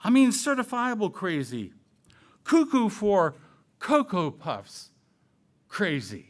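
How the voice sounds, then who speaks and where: Slow, animated man giving a church talk. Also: high voice. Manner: asks the audience rhetorical questions; playful, jokey asides. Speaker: church speaker. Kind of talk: sermon-style talk.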